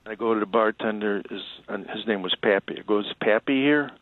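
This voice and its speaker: A man's voice: lowish voice, little pitch movement, a little fast, no echo. Man telling a story over a tinny line. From Chicago. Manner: rambling anecdote with acted quotes. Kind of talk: casual storytelling.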